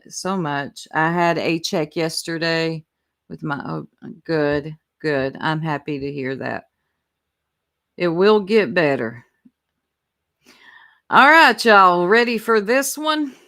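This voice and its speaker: A woman's voice: low voice, slow, fairly bright tone. A woman, chatting casually with viewers and laughing as she reacts to clips. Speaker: commentary streamer.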